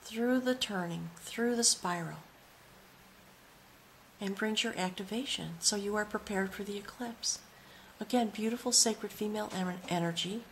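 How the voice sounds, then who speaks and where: A woman giving a spoken tarot reading, talking in an awed, reverent way and sometimes dropping to a soft whisper. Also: medium pitch, normal speed, slight background noise. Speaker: tarot reader.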